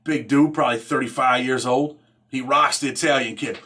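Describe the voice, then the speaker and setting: A man's voice: mid-range voice, fairly even intonation, moderate pace, sharp tone, breathy edge. A man hosting his own show, telling a story in a casual, streetwise, profane way and dropping "man" into nearly every phrase. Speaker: host.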